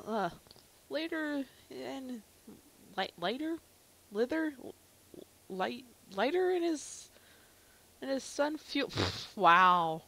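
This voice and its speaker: A woman giving casual gameplay commentary, chatty and self-mocking, quick to exclaim. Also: sits high, big pitch swings, vocal fry, fairly bright tone. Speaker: let's play gamer.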